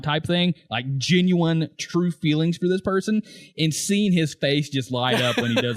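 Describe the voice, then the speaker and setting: Giggly, animated man on a podcast. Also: on the high side, unhurried, dry recording, studio quality. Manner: laughs often while retelling scenes; acts out quoted lines in raised voices. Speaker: podcast co-host. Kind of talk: casual podcast chat about a TV show.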